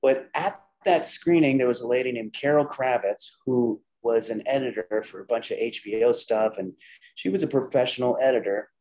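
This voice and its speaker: A middle-aged man speaking at an ordinary, mid-range pitch, with the easy flow of a guest telling stories in an interview. He recounts anecdotes with animated quoted dialogue and often backs up to restart his sentences. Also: normal speed, poor audio. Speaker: interview guest, comedian and filmmaker. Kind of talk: casual conversational storytelling.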